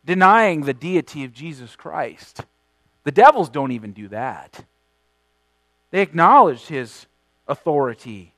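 High-voiced man preaching emphatically. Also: expressive, a bit bright, no room sound, rough recording. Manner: emphatic preaching, stressing key words by slowing down and swelling in volume; repeats words while restarting phrases. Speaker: pastor. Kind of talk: sermon.

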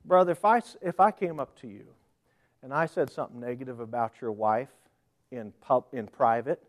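A man preaching a sermon in a church, fervent and dramatic, with sudden loud bursts when he quotes scripture. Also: mid-range voice, normal speed. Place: church sanctuary.

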